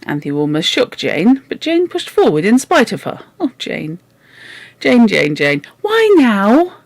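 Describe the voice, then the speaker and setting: A woman's voice: fairly low pitch, sing-song, unhurried, dry recording. A woman reading a children's novel aloud for a book club, with wry, joking asides.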